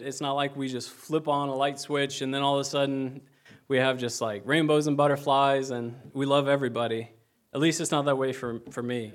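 A young man preaches in a relaxed, conversational way, with plenty of fillers and some self-deprecating asides. His voice sits at a middle pitch and sounds unpolished but sincere. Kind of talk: casual sermon.

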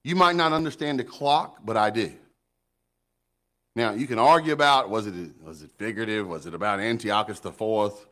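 A middle-aged man preaching a sermon in an animated, folksy way, often repeating words as he builds up. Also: fairly low pitch, normal speed. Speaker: pastor.

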